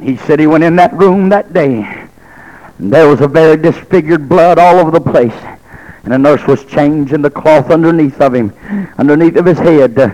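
A man's voice: a little high, a little mellow, rough recording. A male preacher telling a story in a revival sermon, in a rhythmic preaching cadence with frequent "uh" between phrases.

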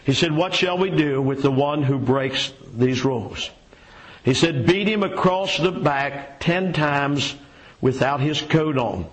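A man preaching a sermon and reading a story aloud, folksy and unhurried, with many fillers and repeated words. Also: fairly high pitch, low-quality recording.

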